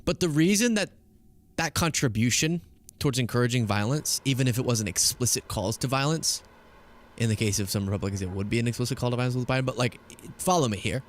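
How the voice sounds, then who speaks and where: A man's voice: medium pitch, fast, slight background noise. A man streaming casual political commentary, arguing emphatically and with sarcasm.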